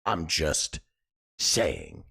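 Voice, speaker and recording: A man's voice: rumbling low, wildly swooping pitch, drawn-out words, vocal fry, sharp tone, husky. A young man hosting a live stream, chatting casually and rambling, swearing a lot, his voice cracking. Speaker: livestream host.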